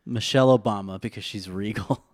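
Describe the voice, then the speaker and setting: A man's voice: lowish voice, fairly quick, no room sound. A man co-hosting a podcast in casual banter, laughing often and protesting with mock disbelief. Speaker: podcast co-host.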